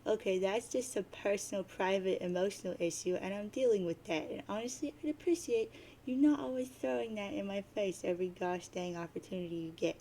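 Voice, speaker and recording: A woman's voice: medium pitch, brisk, dark tone, slight background noise, close to an everyday voice. A woman reading the lines of a mopey, sarcastic teenage boy who sees himself as a prophet of doom, in a dramatic webcomic reading. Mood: irritated. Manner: grumbly, sarcastic, self-pitying.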